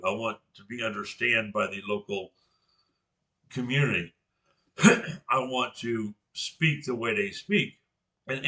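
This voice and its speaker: An older man with a strikingly bright, edgy tone, presenting class material in a relaxed, conversational way. He pronounces each word deliberately and often restarts a phrase mid-thought. His pitch sits in an ordinary middle range. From Georgia, US. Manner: deliberately articulated words, frequent restarts.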